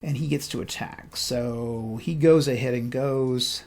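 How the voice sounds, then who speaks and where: Slow, gravelly man narrating a board game. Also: mid-range voice, a little mellow. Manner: unhurried, thinking aloud while rolling dice. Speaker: board game channel host.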